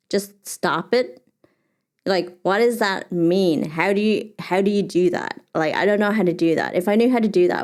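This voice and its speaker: Woman solo podcast host: low, smooth, loose and chatty, thinks out loud. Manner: thinks aloud with many fillers and restarts. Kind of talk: reflective solo podcast monologue.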